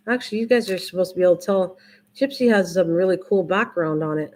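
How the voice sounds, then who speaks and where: A woman's voice: lowish voice, fast, a little mellow. An older woman hosting a crafting live stream, chatting casually with viewers in a rambling, repetitive way. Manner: rambling, repeats herself, restarts often. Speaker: livestream crafting host.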